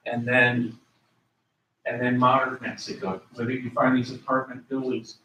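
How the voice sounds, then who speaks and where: A man's voice: medium pitch, fairly bright tone. A man giving a history lecture to a class, explaining terms patiently and repeating words and spellings for his listeners. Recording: echoey room, voice from a distance.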